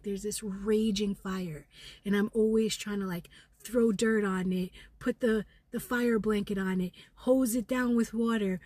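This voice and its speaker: A middle-aged woman in a raw spiritual vlog, angry and seething, talking fast and intensely, swearing, sometimes dropping to a whisper. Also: mid-range voice, darkish tone, breathy edge, no echo. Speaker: vlogger.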